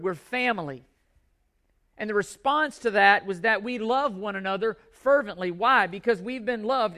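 A man's voice: extremely high pitch, a bit bright. A male pastor delivering a sermon to his congregation in a church, emphatic and repeating key words for stress.

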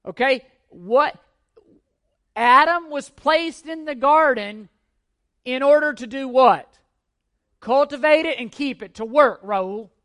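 A man's voice: very high-pitched, slow pace, pauses often, a bit bright. A man preaching a teaching sermon, earnest and emphatic, repeating key points and asking rhetorical questions of his listeners. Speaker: pastor.

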